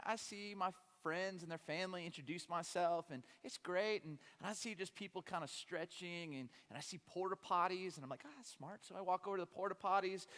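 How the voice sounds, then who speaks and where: A man giving a sermon as a guest preacher, telling a funny story in an animated way with frequent stammered restarts. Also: high-pitched. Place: church sanctuary. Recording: long hall reverb.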